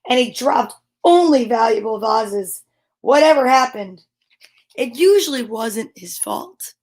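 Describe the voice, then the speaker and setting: A woman reading children's picture books aloud on a live stream, expressive, with gasps and whispered sound effects. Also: a little high, unhurried. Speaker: storyteller.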